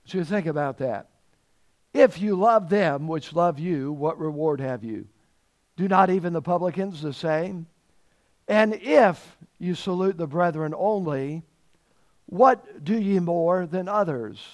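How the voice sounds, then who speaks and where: A man with a fairly high voice preaches in an unhurried, deliberate way. He leans on repeated phrases for emphasis and reads scripture aloud in its old-fashioned wording. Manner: emphatic preaching, repeats key phrases and stretches words for weight. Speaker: pastor. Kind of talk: sermon.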